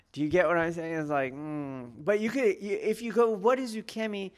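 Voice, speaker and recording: A man's voice: fairly high pitch, animated, normal speed, clear, resonant tone. Man teaching, keeps asking "do you see?". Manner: rhetorical, keeps checking in with "okay?" and "do you see?". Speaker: martial arts teacher. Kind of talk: teaching talk to students.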